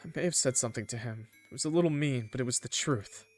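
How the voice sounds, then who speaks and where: A man voicing a volatile, defensive teenage girl in a story game, speaking in a shrill, indignant way that sounds close to tears. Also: quick pace, soft background music, lightly acted.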